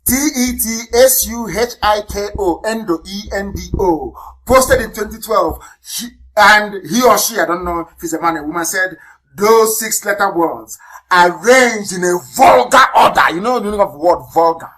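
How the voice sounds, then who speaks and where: A man from Nigeria, giving an impassioned radio address as a movement leader. He repeats phrases, spells words out letter by letter, and swings between loud outbursts and low, quiet asides. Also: normal speed, hardly any pauses, low-quality recording.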